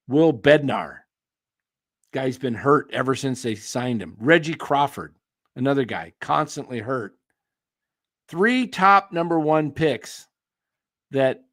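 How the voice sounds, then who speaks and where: Here a sports host's mid-range, slightly bright voice turns hoarse, and he clears his throat between unhurried, opinionated tangents. He answers viewers by name and often restarts his thoughts. The live-stream commentary is recorded close and dry without any echo.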